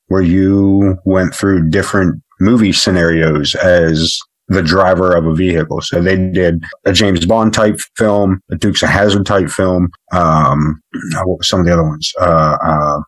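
A man's voice: sits low, fairly even intonation, normal speed, no room sound, rough recording. A man co-hosting a podcast in casual chat, laid-back and mostly giving short replies. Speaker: podcast co-host.

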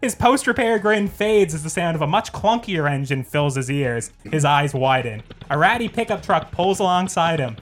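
A man's voice: a little high, expressive, normal speed, few pauses, soft background music. Host, male, playful, mock-dramatic script reader. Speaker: podcast host. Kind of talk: casual chat and scripted narration.

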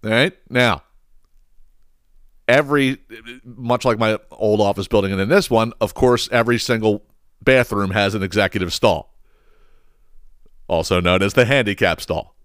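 A man's voice: fairly low pitch, moderate pace, long pauses, smooth, no room sound, studio quality. A man telling a story in a casual comedic podcast rant, swearing often and repeating words as he goes. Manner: animated, profane ranting with frequent restarts. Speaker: podcast host.

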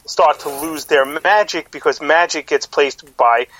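A man's voice: on the high side, measured pace, a bit bright, rough recording. A middle-aged man co-hosting a podcast in casual chat, rambling with lots of fillers and restarts. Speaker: podcast co-host.

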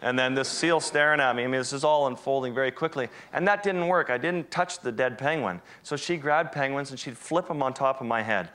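A man in mid-range pitch tells a wildlife adventure as a live presentation. He is animated and self-deprecating, tossing in vivid asides as the story unfolds. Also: brisk, hardly any pauses. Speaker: wildlife photographer giving a talk.

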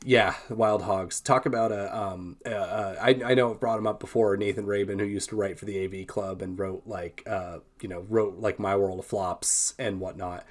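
Wry, low-voiced male podcast co-host. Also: steady tone, moderate pace, hardly any pauses. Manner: wry, laughs often, rambling restarts. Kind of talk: casual chat.

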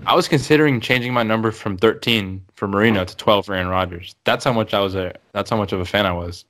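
A young man co-hosting a casual sports podcast, talking fast and excitably and exaggerating for effect. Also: lowish voice. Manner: excitable, quick, exaggerating fan talk. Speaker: podcast co-host. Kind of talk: casual chat.

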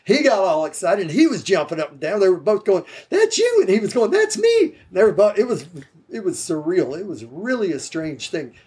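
Husky laid-back man. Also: high voice, animated, brisk, mellow. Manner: laid-back, rambling, swears casually. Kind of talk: casual storytelling chat.

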